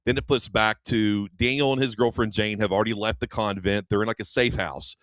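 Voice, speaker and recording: On a radio show, a co-host with a lowish, fairly bright voice speaks a little fast with fairly even intonation while casually walking through a movie's plot. He rambles and acts out the quoted lines, recorded in a studio with no echo.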